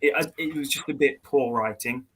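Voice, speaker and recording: A man's voice: medium pitch, a little fast, fairly bright tone, breathy edge, rough recording. A man chatting casually on a video call, ranting with animation and mocking impressions. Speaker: podcast co-host. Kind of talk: casual chat.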